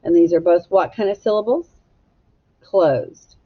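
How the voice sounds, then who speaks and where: A woman teacher giving a slow, patient phonics lesson to young children and prompting them to echo words. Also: lowish voice, lo-fi sound.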